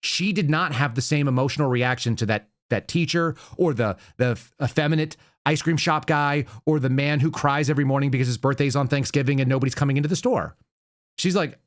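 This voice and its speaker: A man's voice: medium pitch, brisk. Man, podcast host, casual commentary, conversational, self-correcting, mid-range voice.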